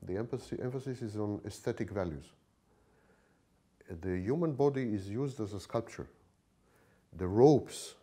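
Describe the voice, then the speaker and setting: A man with a lowish voice and a dark, mellow tone gives a long, lecturing answer in an interview. He pauses often and restarts his phrases as he builds his points. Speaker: interview guest.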